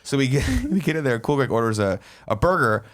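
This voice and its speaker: A man hosting a podcast, telling stories in a casual, animated way and swearing freely. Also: mid-range voice, brisk. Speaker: podcast host. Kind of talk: casual chat.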